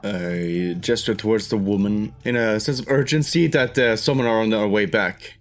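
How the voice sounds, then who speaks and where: A man playing a tabletop role-playing game, describing his character's actions deliberately. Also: fairly low pitch, faint music behind. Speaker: player.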